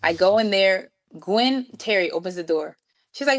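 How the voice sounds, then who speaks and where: Animated woman telling a story. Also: mid-range voice, a little fast. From New York City. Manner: acts out quoted dialogue with lively voices. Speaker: guest musician.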